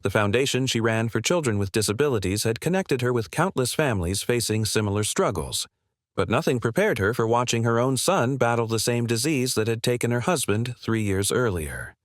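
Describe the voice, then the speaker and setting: A man reading a scripted story in an even, measured way. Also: medium pitch, no room sound, studio quality. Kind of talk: scripted narration.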